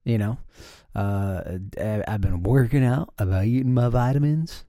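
A man's voice: on the low side, measured pace, few pauses, warm tone, no room sound, clean studio sound. A man hosting a podcast alone, talking casually in a rambling, profane way with lots of fillers and restarts. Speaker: podcast host. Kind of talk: casual solo monologue.

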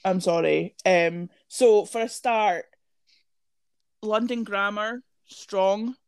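A woman's voice: mid-range voice, fairly even intonation, slow pace, clean tone, no room sound. A young woman, chatting casually as a podcast host, sweary and gushing, with long run-on rants. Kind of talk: casual chat.

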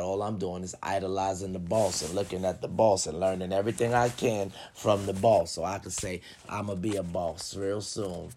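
A man giving casual motivational talk, preaching emphatically and swinging from low murmurs to loud urging. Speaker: motivational vlogger.

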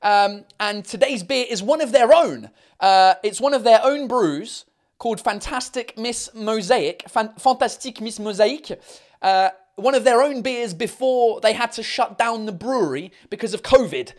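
A man's voice: high-pitched, animated, a little slow, dry recording, studio quality. A man hosting a casual live-stream chat show. He rambles in a cheeky way, swears freely and slips in and out of French. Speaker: comedian podcast host.

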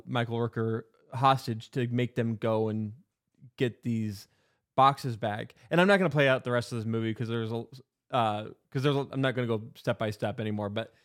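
Man, casual podcast chat, rambling, filler-heavy, mid pitch. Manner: rambling, many fillers and restarts. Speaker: podcast co-host. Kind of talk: casual movie recap.

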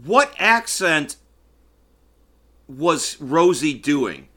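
A man's voice: a little high, very animated, drawn-out words, bright, forceful tone. A man chatting casually on a podcast, retelling movie scenes and acting out their lines. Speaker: podcast guest. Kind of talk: casual chat.

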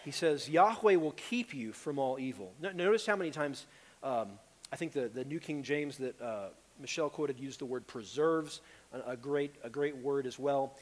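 A pastor preaching a sermon with earnest urgency, rising to loud pleas and dropping to hushed tones. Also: male voice, mid-range voice, normal speed, long reverb tail. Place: church sanctuary.

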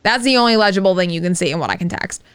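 Racing along in a fairly low, clean-toned voice, a female podcast co-host delivers an animated story in casual chat, cursing heavily throughout.

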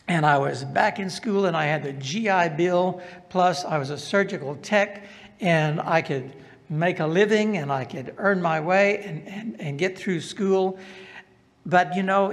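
A man's voice: sits high, big-room sound. An older man from the American South with a Southern accent, telling his life story as a testimony and asking the audience questions. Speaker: speaker giving a testimony. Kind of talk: personal testimony talk.

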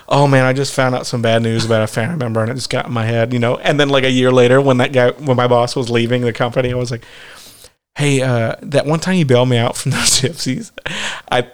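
A man in his thirties, mid-pitched, telling long winding stories on a podcast. He swears freely and laughs at his own tangents as he goes. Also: steady tone, fast talker, smooth. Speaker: podcast co-host. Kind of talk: casual chat.

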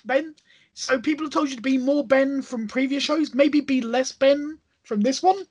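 A man's voice: extremely high pitch, moderate pace, a little mellow, no room sound. A man co-hosting a casual podcast, teasing his friend dryly and laughing often. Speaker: podcast co-host.

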